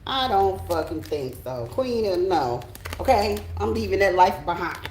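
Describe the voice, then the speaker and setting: A woman's voice: mid-range voice, animated, a little slow, a little mellow. A middle-aged American woman speaks as a tarot reader, emphatic and blunt, swearing freely and checking in with her listeners. Her voice sounds roomy and echoey, with a faint hiss of ambience behind it. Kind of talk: casual spiritual pep talk.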